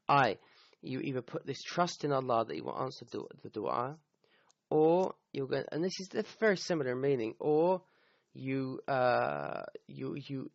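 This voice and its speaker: A man with a gravelly, mid-pitched voice explains a scripture verse in a relaxed talk. He keeps stopping to restart and checks in with a quick "okay?". The recording is dull and dry, with no room sound. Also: dry recording. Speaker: Quran teacher.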